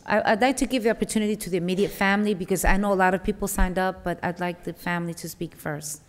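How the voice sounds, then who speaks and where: A woman chairing a public council meeting, speaking in a measured, formal, halting way. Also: mid-range voice, steady tone. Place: large council chamber. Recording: hall with long reverb, faint noise.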